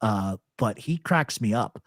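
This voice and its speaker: A man's voice: fairly low pitch, measured pace, no echo, studio quality. A man hosting a live talk show, telling stories in casual chat and acting out the voices of people he quotes. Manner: animated storyteller, acts out quoted voices.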